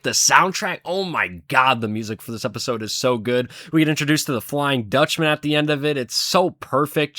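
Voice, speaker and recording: This show reviewer is a young man with a slightly bright, mid-range voice, recorded with clean studio sound and no echo. He rambles through a casual ranking of cartoon episodes, cursing freely and breaking into frequent chuckles.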